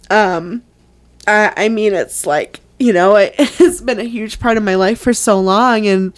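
Young woman on a podcast, all teary and laughing, sniffly, chatty. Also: medium pitch. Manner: tearful, emotional, laughing through tears. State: crying. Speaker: podcast co-host. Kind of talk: casual chat.

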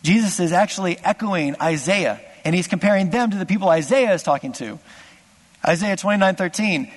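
A man's voice: high-pitched, a little fast. Impassioned male preacher in a reverberant hall. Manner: impassioned, swings from loud exclamations to hushed asides. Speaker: pastor. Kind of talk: sermon.

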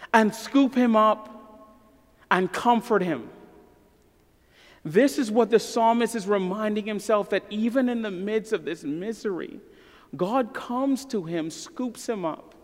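A man in his thirties preaching a sermon as a pastor, earnest and emphatic, falling to a soft voice in prayer. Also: sits high. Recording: long hall reverb.

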